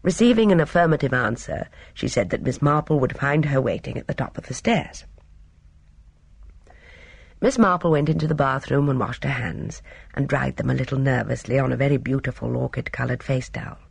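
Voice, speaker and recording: A measured audiobook narrator with a gravelly, fry-edged voice at a middle pitch. The reading is steady and even. The recording is close and dry, with no room sound. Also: no room sound. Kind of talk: scripted narration.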